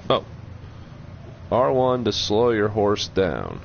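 A man's voice: on the low side, vocal fry, lo-fi sound, slight background noise. A man hosting a gaming channel, giving goofy, joking commentary while he plays. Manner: goofy, joking, slow and lively. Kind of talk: let's play commentary.

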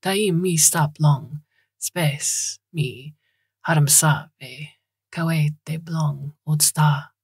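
A cheerful, rotund little man with a breezy way of talking, put on by a woman reading aloud. The voice is husky and dry, pitched up a touch from her own. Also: drawn-out words, no room sound, exaggerated voice. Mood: chatty. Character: small rotund cheerful man, a canal digger. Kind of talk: audiobook reading.

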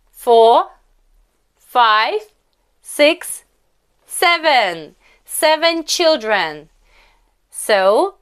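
A young woman with a Russian accent leads a children's English lesson in a high, lively voice. She speaks very slowly and coaxes little ones to repeat each phrase. Her tone is smooth and clear. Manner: slow, exaggerated, coaxing delivery with prompts to repeat.

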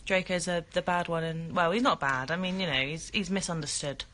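A woman with a bright, forward voice chats casually on a phone livestream, reading out and answering fan comments. She sounds like she is indoors in a bedroom, close to the phone. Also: on the low side, fairly even intonation, a little fast. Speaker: livestream host.

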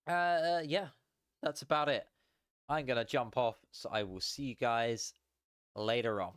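A tired young man chatting casually as a sim racing streamer, relaxed and rambling with frequent chuckles. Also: medium pitch, a little slow, clear, resonant tone, no echo, studio quality. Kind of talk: casual live stream chat.

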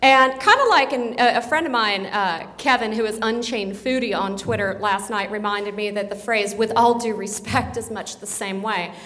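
A woman's voice: medium pitch, normal speed, hardly any pauses, a bit bright. A woman giving a blunt, joking conference talk to a roomful of people. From Alabama, grew up in Colorado. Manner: brash, blunt and joking, mimics Southern phrases. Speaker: keynote speaker. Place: large meeting room with audience. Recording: echoey hall with long reverb.

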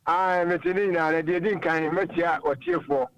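A man's voice: on the high side, a little fast, over a noisy crowd, low-quality recording. A man calling in to a radio talk show, giving earnest, moralizing opinions. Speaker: caller. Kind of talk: call-in radio chat.

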